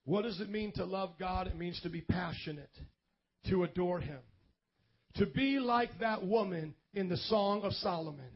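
Male pastor, high-pitched, impassioned sermon delivery with mimicry, lo-fi church audio over guitar. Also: moderate pace, slightly rough. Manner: preaching with rising intensity and mimicked dialogue. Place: church sanctuary. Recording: dull lo-fi church recording with guitar music.

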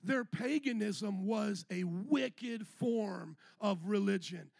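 High-pitched gravelly pastor guy preaching hard, voice getting hoarse, dry close sound. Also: takes it slowly, no echo. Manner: energetic, call-and-response preaching. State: voice going hoarse. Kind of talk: sermon.

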